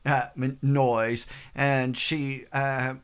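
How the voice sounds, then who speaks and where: A man narrating a tabletop game as game master, in a halting, hesitant way with many pauses and restarts. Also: mid-range voice, level tone, smooth.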